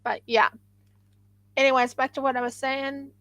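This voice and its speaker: A woman's voice: high voice, little pitch movement, moderate pace, a bit bright, no echo, poor audio. A woman hosting a craft livestream, chatting casually and rambling with frequent restarts.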